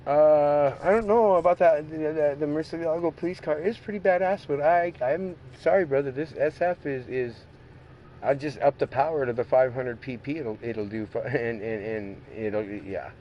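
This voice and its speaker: A man streaming a racing game talks in a loose, rambling way, swearing freely and breaking into laughter. His voice sits at an ordinary middle pitch. A faint hum runs underneath. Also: moderate pace, highs cut off. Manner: rambling, heavily profane, laughs often. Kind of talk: casual gaming stream chat.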